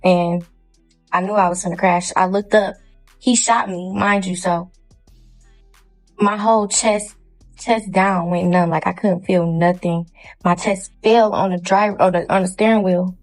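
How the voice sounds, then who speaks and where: Young woman, gravelly voice, blunt and profane, casual storytelling that acts out both sides of an argument. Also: lowish voice, steady tone, unhurried, faint music behind, poor audio. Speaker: storyteller in a viral video. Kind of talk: casual first-person storytelling.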